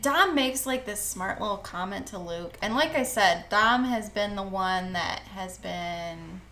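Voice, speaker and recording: A woman's voice: mid-range voice, expressive, measured pace, bright, forceful tone, slight background noise. A woman co-hosting a podcast, casually retelling a book's plot with emphatic phrasing and frequent swearing. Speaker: podcast co-host.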